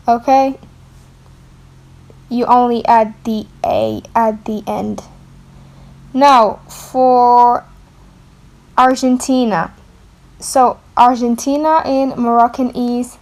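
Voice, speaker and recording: A woman gives a beginner language lesson at an unhurried pace. Her voice sits a little high, and she repeats each new word slowly and clearly so learners can copy it. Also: fairly even intonation. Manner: slow, careful, repeats words for learners to copy; writes on a board while explaining. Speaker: language teacher.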